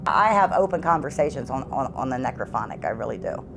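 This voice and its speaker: Middle-aged woman, low voice, earnest and halting, interview testimony from her own home. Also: sing-song, gravelly, over music. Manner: halting, repeats words, earnest. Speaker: homeowner interviewed about hauntings.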